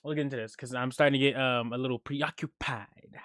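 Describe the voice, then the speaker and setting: A man streaming reaction videos in casual, profane chat, swinging from loud hype bursts to low mumbled asides, tired from no sleep. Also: fairly even intonation, a little fast, slight background noise. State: sleep-deprived.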